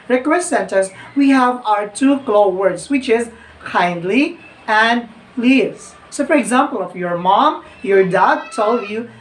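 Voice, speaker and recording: Woman teaching grammar. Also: a little high. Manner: repeats phrases, addresses "my dear viewers". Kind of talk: online grammar lesson. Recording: echoey room, distant mic, faint noise.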